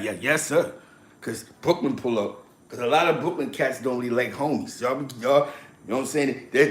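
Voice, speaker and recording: A man telling street and prison stories in casual chat, acting out other people's lines with lots of laughter. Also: medium pitch. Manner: animated, laughing, acts out quotes. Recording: echoey room.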